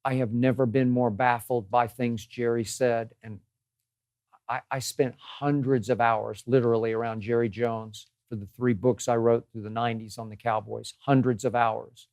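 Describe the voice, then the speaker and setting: A man's voice: medium pitch, little pitch movement, moderate pace, darkish tone, dry recording, studio quality. An older man hosting his own sports show, delivering an emphatic, exasperated opinion monologue and repeating phrases for effect. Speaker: host.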